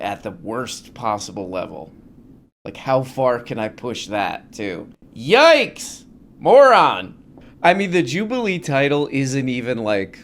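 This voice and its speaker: A man's voice: mid-range voice, slight background noise. A man hosting a reaction video, ranting in a sarcastic, profane and mocking way about clips he plays. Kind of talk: ranting commentary over clips.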